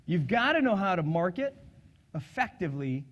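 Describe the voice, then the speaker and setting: A middle-aged man giving a live sales seminar, energetic and joking, asking the audience questions. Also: sits high, moderate pace. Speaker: sales and public speaking trainer.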